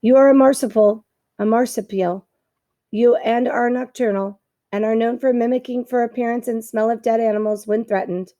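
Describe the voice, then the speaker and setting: A woman voicing a polite, stiff female robot who speaks in careful, formal wording, pitched higher than her usual voice. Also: fairly even intonation, normal speed, dark tone, lightly acted.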